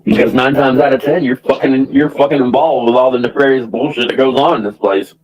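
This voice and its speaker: A man's voice: medium pitch, steady tone, a little fast, darkish tone, rough recording. A man ranting casually to his stream audience, rambling through restarts and profanity and laughing often. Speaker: livestream commentator.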